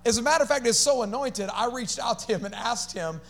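A pastor preaching an energetic sermon, calling on the congregation to repeat phrases and dropping casual slangy asides. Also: male voice, extremely high pitch, fast, vocal fry. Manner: animated preaching with call-and-response to the congregation.

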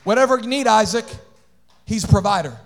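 A man preaching a sermon in church. He jokes and acts out little voices, then builds to shouted, sing-song preaching with call-outs to the congregation. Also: sits high, fairly quick, gravelly.

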